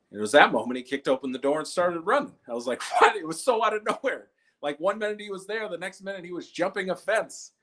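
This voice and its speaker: A man's voice: pushed and bright, breathy edge. A young man from Minnesota doing an online stand-up set from home, loose storytelling that jumps into quoted voices. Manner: loose storytelling, acts out quoted people in jumpy high voices. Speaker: stand-up comedian.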